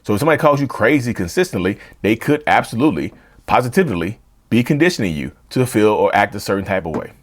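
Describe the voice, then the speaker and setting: Male host, direct-to-camera talk, animated and repetitive, very lively pitch. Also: fast talker. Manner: animated, repeats and rephrases points; addresses viewers as "y'all". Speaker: mental health channel host.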